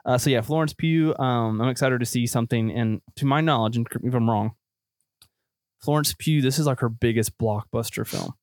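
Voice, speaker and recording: Male podcast co-host, quick-talking, excitable, crude humor, close dry mic. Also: mid-range voice, no echo. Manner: excitable, crude jokes, many fillers. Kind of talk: casual movie chat.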